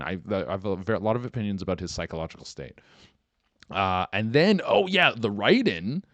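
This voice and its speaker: A man hosting a podcast in casual, rambling talk, full of swearing and fillers, getting animated when excited. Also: fairly low pitch, no room sound. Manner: rambling, profane, lots of "like" and "dude". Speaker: podcast host.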